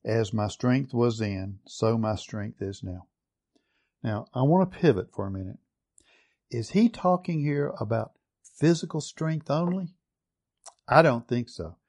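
A man preaching a sermon, reading scripture aloud and putting questions to his listeners, slowing down low for emphasis and then picking up speed. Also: expressive, a little mellow. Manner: asks the congregation questions and reads scripture aloud.

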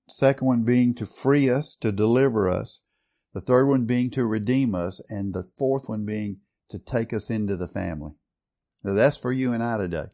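A man's voice: mid-range voice, a little mellow. A man preaching a sermon earnestly, building to strong stress on key words. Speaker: pastor.

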